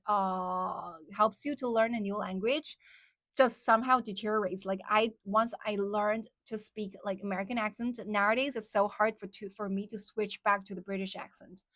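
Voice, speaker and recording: A woman's voice: mid-range voice, sharp tone, no room sound, clean studio sound. A woman whose first language is Chinese, hosting a casual livestream and chatting with viewers, with lots of "like" and "um" fillers. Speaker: livestream host.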